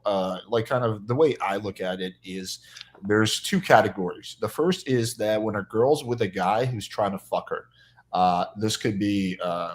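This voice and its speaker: Lower-voiced man, thoughtful and hedging. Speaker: panel guest. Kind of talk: casual panel talk.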